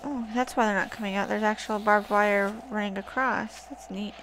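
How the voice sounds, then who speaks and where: A woman's voice: mid-range voice, steady tone, normal speed, a bit bright. Swearing woman gamer, noisy recording. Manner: swears often, chats to the zombies. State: wearing a wrist brace. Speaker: gaming channel host. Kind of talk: casual gameplay commentary.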